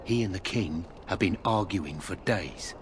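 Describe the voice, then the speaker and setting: Brief: talkative loyal soldier, lowish voice, clear hiss behind. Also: male voice, expressive, a little slow. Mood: chatty. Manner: gossipy, admiring. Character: chatty loyal male soldier guarding a tent. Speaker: game character, a tent guard.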